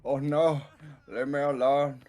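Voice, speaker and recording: A man's voice: medium pitch, level tone, takes it slowly, darkish tone. A man bantering while playing a match, slangy and playful. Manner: slangy, playful, says "bro" often. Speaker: co-player. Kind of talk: casual game banter.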